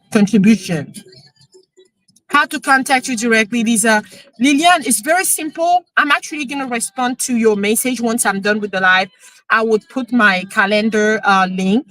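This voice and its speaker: A woman, a real estate coach chatting emotionally on a live stream, excited as she talks. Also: a little high, no room sound, poor audio. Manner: excited, emotional, switching into French.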